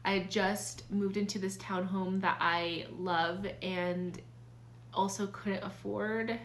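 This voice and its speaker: A woman's voice: mid-range voice, fairly even intonation, slow. A young adult woman talking casually and earnestly about her own life, confiding, with many fillers and restarts. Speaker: vlogger sharing life advice. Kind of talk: casual personal talk.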